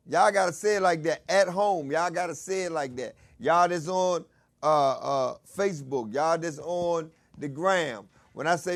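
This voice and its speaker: A man from Washington DC hosting his own talk show, shouting hype calls at times but mostly chatting in a relaxed, low-key way. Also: moderate pace. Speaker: host. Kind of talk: casual talk show monologue.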